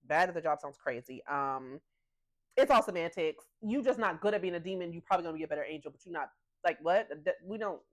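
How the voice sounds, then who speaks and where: A woman voicing a brisk, impatient angel woman with a no-nonsense corporate manner. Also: fairly low pitch, lively intonation, close to an everyday voice.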